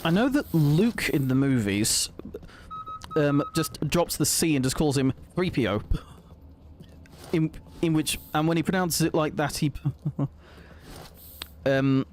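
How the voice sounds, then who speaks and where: Guy streamer chatting over gameplay, yelps whoa a lot, bouncy voice, a bit higher. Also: takes it slowly, pauses often. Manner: excitable, exclaims at game events, laughs often. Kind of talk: live gameplay commentary chatting with viewers.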